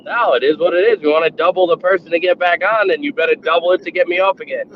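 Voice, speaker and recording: A man's voice: high voice, fast talker, slight background noise. Boston-accented man, dull lo-fi audio. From New England, US. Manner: blunt, joking, insists he has no accent. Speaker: panel guest. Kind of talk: casual podcast chat.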